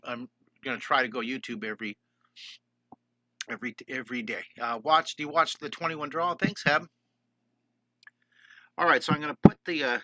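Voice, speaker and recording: A man's voice: mid-range voice, bright, forceful tone, no echo, poor audio. An older man, an enthusiastic drawing teacher, chatting with viewers and greeting them by name during a live-streamed lesson.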